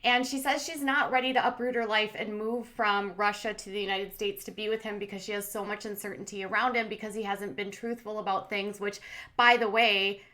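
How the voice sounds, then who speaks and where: A woman's voice: medium pitch, steady tone, fairly quick, sharp tone. A woman hosting a commentary channel, recapping a reality show in a chatty, sarcastic way with plenty of fillers.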